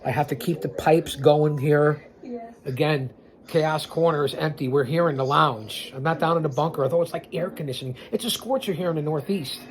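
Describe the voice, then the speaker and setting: A man's voice: on the high side, a little fast. A man hosting an online show, talking casually over a documentary he is watching and speaking straight to his viewers. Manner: conversational, talks straight to viewers, turns somber and emotional. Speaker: show host.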